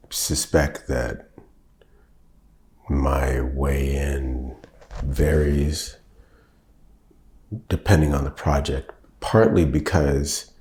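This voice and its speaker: Older guy, dark mellow voice, slow thoughtful interview stories, livens up quoting folks. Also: very deep voice, reverberant. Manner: measured, thoughtful, animated when quoting. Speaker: actor and director, guest. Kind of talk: reflective interview storytelling.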